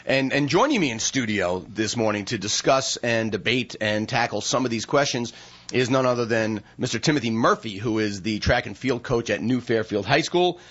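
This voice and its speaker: Man, radio talk show host, chatty, mid pitch, slightly muffled audio. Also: lively intonation, moderate pace, fairly bright tone, husky. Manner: chatty, reads questions from a list. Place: radio studio.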